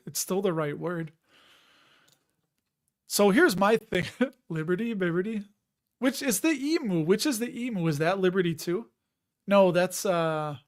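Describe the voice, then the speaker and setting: Man, Chicago accent, higher voice, rambling, laughing, reading chat on a live stream. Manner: rambling, chatty, laughs often, reads chat aloud.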